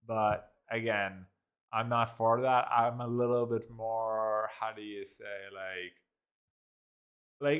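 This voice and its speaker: A man's voice: medium pitch, clear, resonant tone. A man hosting a casual review, rambling with many restarts and filler words and sounding amused. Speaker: host reviewing an AI story app. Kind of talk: casual commentary.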